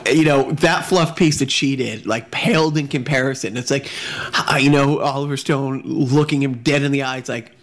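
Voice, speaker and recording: A man's voice: medium pitch, moderate pace. A man co-hosting a casual podcast chat, rambling and repeating words, laughing often, in an echoey room at home. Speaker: podcast co-host.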